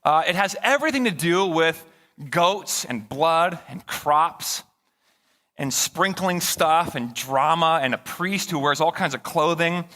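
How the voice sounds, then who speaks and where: A man's voice: a little high, measured pace, long reverb tail. A male pastor preaching a conversational sermon, joking and talking back and forth with his congregation in a church. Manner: animated, conversational, jokes with the congregation. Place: church sanctuary.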